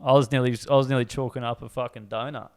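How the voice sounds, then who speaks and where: A man's voice: mid-range voice, steady tone, fast, clean tone. A man co-hosting a casual podcast, talking in crude, joking banter. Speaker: podcast co-host. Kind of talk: casual chat.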